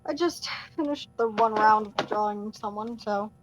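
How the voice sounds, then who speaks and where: A woman's voice: medium pitch, moderate pace, background noise. A woman friend talking over a voice call, teasing and laughing in casual chat. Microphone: voice call over Discord.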